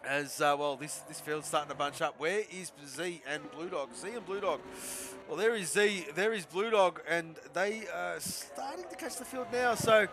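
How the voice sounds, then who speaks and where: Excitable man commentating a race. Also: a little high, moderate pace. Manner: excitable, chatty, laughs often, talks to chat.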